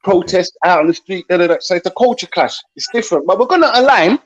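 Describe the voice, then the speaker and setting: A man's voice: high voice, lively intonation, fast talker, lo-fi sound. A man of Jamaican heritage on a livestream panel, speaking earnestly and conversationally over an online call.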